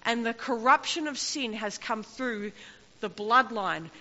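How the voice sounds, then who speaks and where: A woman's voice: on the high side, unhurried, bright, forceful tone. A woman preaching a sermon with impassioned, rising and falling emphasis. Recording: long hall reverb, dull lo-fi sound.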